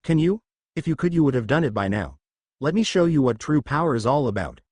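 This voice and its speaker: A confident young male ninja hero, a little preachy, in a fan-made anime storybook reading, which a man acts out. His delivery moves lively in pitch. The sound is dry and close. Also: a little fast, no room sound, natural voice.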